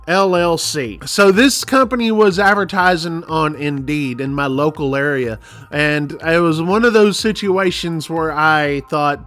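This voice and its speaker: A man in his forties with a fairly high voice warns his fellow drivers in a casual, emphatic rant. He rambles and circles back over the same points, and faint music plays behind him. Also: fairly bright tone. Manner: emphatic, rambling, repeats himself. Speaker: truck driver and channel host. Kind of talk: casual warning rant to camera.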